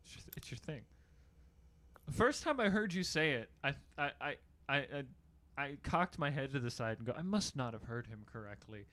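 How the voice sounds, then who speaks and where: A young man in casual chat, telling stories in an animated way and swearing freely, his voice climbing and getting loud when he rants. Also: normal speed. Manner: animated storyteller, swears, gets loud and high when ranting.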